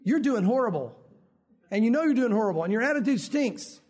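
A man preaching a sermon in a lively, conversational way, often acting out short quotes. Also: very high voice, a little fast. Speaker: pastor.

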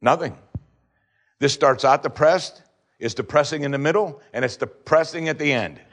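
A man delivers a sermon in a somewhat high voice. He reads scripture with feeling, rising into loud pleading questions and then dropping into quiet, low tones. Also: normal speed. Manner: dramatic, swings between loud pleading and low hushed tones. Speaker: preacher.

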